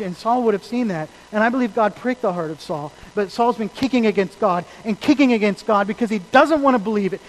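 A man preaching a sermon as a pastor, telling stories earnestly and moving between loud emphasis and quiet asides. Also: high-pitched, expressive, fairly quick, few pauses, poor audio.

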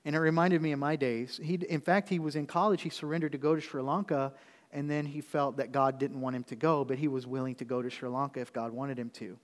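A man's voice: medium pitch, steady tone, quick pace, big-room sound. A man preaching a sermon as pastor, telling a story in a conversational, folksy way with frequent asides to the congregation. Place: church sanctuary.

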